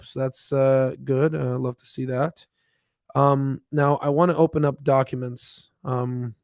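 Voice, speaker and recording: A man's voice: mid-range voice, smooth, dry recording, studio quality. A man hosting a casual live stream about stocks, thinking aloud with lots of fillers and restarts as he reads charts. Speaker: stock market livestream host. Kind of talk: casual live chat while reading charts.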